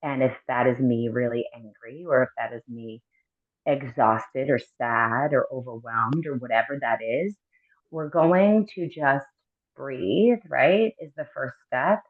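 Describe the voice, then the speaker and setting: Woman coach on a tinny line. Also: a bass voice. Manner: gentle, with frequent ums and tag questions. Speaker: mindfulness coach, guest. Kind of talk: explanatory interview talk.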